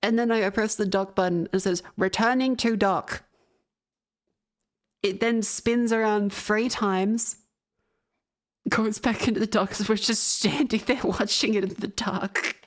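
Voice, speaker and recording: A woman's voice: mid-range voice, fairly even intonation, unhurried. A young woman streamer chatting casually, telling a rambling story full of laughs and swearing. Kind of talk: casual chat.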